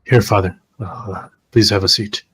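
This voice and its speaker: A man voicing an earnest, protective male church inquisitor who speaks gently. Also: lowish voice, fairly even intonation, unhurried, breathy edge, full character voice, low-quality recording. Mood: reassuring.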